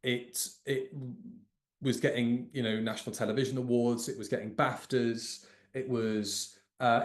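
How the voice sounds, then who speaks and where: British podcast co-host in an echoey room. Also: male voice, medium pitch. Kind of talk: casual chat.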